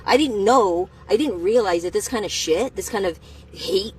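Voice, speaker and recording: A woman telling a personal story to the camera, in a candid and profane way, speaking slowly at first and then getting heated. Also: medium pitch, slight background noise, rough recording. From United States.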